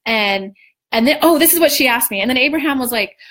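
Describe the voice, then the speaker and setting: Animated woman in her thirties. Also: high-pitched, fast talker. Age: 30s. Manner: animated, swearing, acts out quoted dialogue. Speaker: spiritual coach and vlogger. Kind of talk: casual storytelling to viewers.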